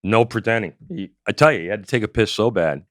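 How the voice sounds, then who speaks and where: Here the guest, a Canadian comedian in middle age who used to work as an investigator, talks at a quick pace with a fairly low pitch. He delivers a lively, foul-mouthed story in an interview, voicing the quotes himself, over clean studio sound with no echo.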